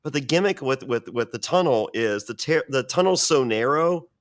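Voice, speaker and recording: A man's voice: medium pitch, moderate pace. A man telling stories as a podcast guest, swearing often and rambling with restarts. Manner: profane, rambling, animated. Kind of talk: casual storytelling.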